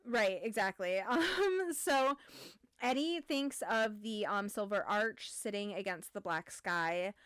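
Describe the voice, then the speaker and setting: A woman's voice: mid-range voice, animated, takes it slowly, fairly bright tone, clean tone, no echo. Chatty woman with a dry close sound. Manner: chatty, many "um"s and "like"s. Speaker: book club podcast host. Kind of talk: casual chat and book summary.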